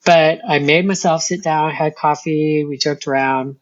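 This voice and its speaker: A woman's voice: low-pitched, fairly even intonation, measured pace. Candid woman guest, muffled recording. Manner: candid, earnest, laughs between remarks. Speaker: interview guest. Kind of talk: personal storytelling in a conversational interview. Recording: dull lo-fi sound.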